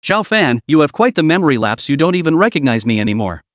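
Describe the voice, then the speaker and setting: A man's voice: fairly high pitch, very animated, fast talker, dry recording, clean studio sound. A man voicing a scheming, arrogant middle-aged stepmother in an audiobook-style recap, coaxing one moment and icy the next. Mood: mocking. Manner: coaxing then icy, sly giggling.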